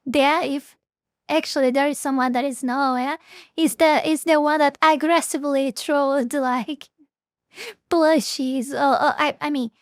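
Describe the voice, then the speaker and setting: High-voiced woman reacting, halting and dry. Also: fairly even intonation, no room sound. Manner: halting, restarts often, laughs at herself. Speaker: reaction streamer. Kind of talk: casual reaction commentary.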